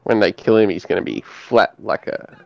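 A man joining a movie podcast, dropping deadpan, sweary quips, recorded on a muffled lo-fi mic. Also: on the low side, normal speed, vocal fry. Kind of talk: casual movie commentary chat.

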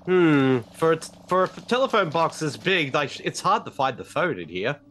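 A man's voice: fairly high pitch, sing-song, normal speed, a bit bright, a little hiss or hum. A man hosting a casual watch-along podcast, chatty and laughing often. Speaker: podcast host.

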